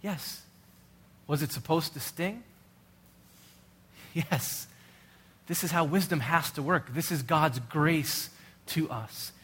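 A man's voice: on the high side, slow, long pauses, fairly bright tone, husky. A middle-aged male pastor preaching a sermon in an earnest, urgent way, full of rhetorical questions.

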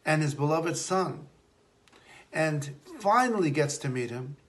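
A man, a rabbi, giving a Torah talk on prayer and telling stories, slowing down to stress key points. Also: on the high side, expressive. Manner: storytelling, slows for emphasis.

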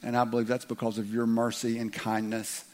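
A pastor with a Southern drawl preaches in a church, his voice sitting at an ordinary middle pitch for a man. He talks in a folksy, joking way, picking up speed when he reads scripture aloud. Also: monotone, a little fast, darkish tone. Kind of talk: sermon. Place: church sanctuary.

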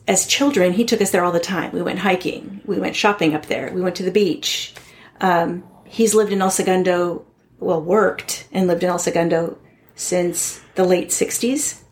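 A woman's voice: lowish voice, steady tone, normal speed. A woman from Southern California, a podcast guest, telling a personal story in an earnest, candid and heartfelt way.

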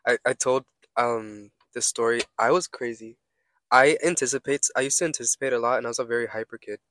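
A man's voice: mid-range voice, steady tone, a little fast, a bit bright, no room sound. A young man co-hosting a casual podcast, rambling through stories and swearing freely. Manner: rambling storyteller, swears a lot. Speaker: podcast co-host. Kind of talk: casual chat.

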